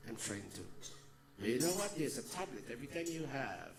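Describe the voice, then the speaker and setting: A man giving a devotional sermon as a spiritual teacher, swinging between loud exhortation and soft, slow murmurs. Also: mid-range voice, sing-song.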